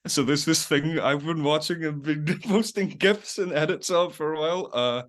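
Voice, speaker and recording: A man's voice: a little high, moderate pace, few pauses. A young man as a podcast guest, rambling in casual chat, laughing often and acting out little quotes. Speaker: podcast guest, web series creator.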